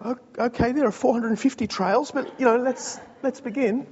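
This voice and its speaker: A man with an Australian accent preaching a sermon, animated and joking, putting on mock voices to make his point. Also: very high-pitched, moderate pace, in a large hall, muffled recording, a little hiss or hum.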